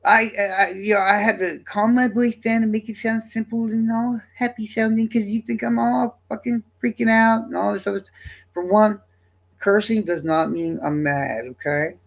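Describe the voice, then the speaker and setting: A man livestreaming, talking to his chat in a casual, profane, defensive rant that swings between loud and quiet. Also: sits high, fairly even intonation, normal speed, gravelly, highs cut off.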